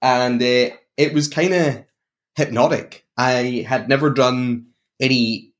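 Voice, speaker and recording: Glaswegian guy on a film podcast, animated, keeps cutting himself off and laughing. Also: medium pitch, slow pace. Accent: Glaswegian Scottish. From Glasgow, Scotland. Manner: animated and self-interrupting, often laughing. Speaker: podcast co-host discussing films. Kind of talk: casual chat.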